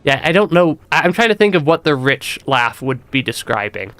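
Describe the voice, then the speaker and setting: A man's voice: on the high side, big pitch swings, normal speed, a bit bright, dry recording. A man streaming a game with a stuffy nose, chatting casually, laughing often and restarting his sentences. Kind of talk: casual gameplay commentary.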